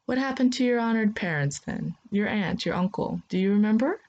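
A woman's voice: mid-range voice, lively intonation, brisk, a little mellow, dull audio, pitched above the performer's own voice. A woman voicing a kind, poor, easily confused old male space pilot who mutters to himself and speaks in a folksy, soothing way.

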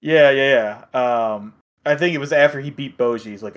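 A man's voice: mid-range voice, normal speed, a bit bright. An easygoing man co-hosting a casual talk show, recapping episodes. He slips into the characters' lines as he tells the story. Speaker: podcast co-host. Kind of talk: casual chat recapping an anime.

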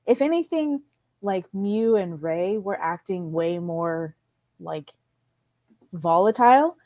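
A woman's voice: lowish voice, animated, slow pace, mellow. A woman co-hosting a casual podcast, rambling with lots of fillers. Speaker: podcast co-host. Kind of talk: casual chat about a TV series.

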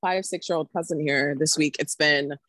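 A woman in her thirties co-hosting a podcast, telling a story in rambling casual chat with sudden high exclamations. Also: fairly even intonation, normal speed, fairly bright tone, no room sound. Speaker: podcast co-host.

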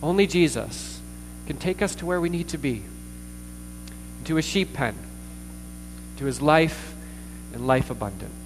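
A man preaching a sermon as pastor, earnest, with pauses, fillers and repeated words. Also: fairly high pitch, expressive. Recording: distant reverberant hall with mains hum.

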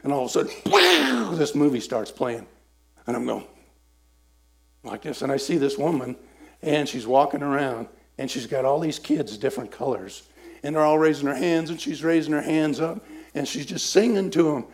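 Gravelly-voiced man preaching. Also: on the high side, normal speed. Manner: animated, acts out voices, swings loud and soft. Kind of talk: sermon with storytelling.

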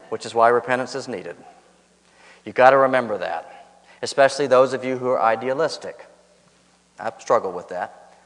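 In a church sanctuary, a pastor with a mid-range voice preaches a sermon, telling stories and hammering points home by repeating key lines. His voice rises on the punchlines, and the audio carries a big-room sound.

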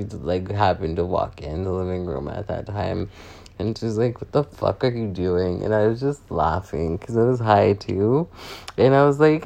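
A man's voice: on the low side, vocal fry, darkish tone. A young man with a sore voice, chatty and sassy, swearing freely as he rants in a casual vlog. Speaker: vlogger.

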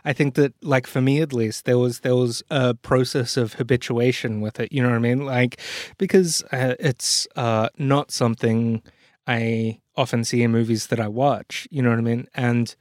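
A man in casual film talk who circles his points, restarting sentences and asking "you know what I mean?". His voice sits at a middle pitch, and the sound is dry and close, with no room around it. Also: fairly even intonation, moderate pace, a little mellow, no room sound. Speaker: podcast co-host.

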